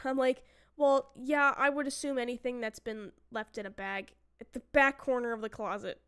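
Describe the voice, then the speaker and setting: A woman telling a story in a loose, chatty way, with a smooth and clear voice that sits a little high. She acts out what people said and drops the odd swear word. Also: fairly even intonation, normal speed, fairly bright tone. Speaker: streamer. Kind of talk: casual chat.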